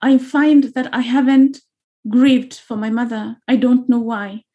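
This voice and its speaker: Warm, mellow-voiced woman from Uganda. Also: a little high, steady tone, measured pace, lo-fi sound. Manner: earnest, repeats phrases for emphasis. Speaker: author guest. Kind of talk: reflective interview talk.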